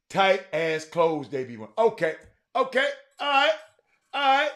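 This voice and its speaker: A middle-aged man hosting a sports talk show, chatting casually and teasing viewers in the comments with loud, animated outbursts. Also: sits high, unhurried. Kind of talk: casual live-stream chat reading the comments.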